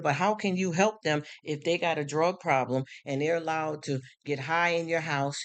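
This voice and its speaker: A man's voice: a little high, fairly even intonation, brisk, few pauses. A man in a casual live stream, talking frankly about faith and daily life, often asking if listeners follow him. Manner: frank and streetwise, preachy in bursts.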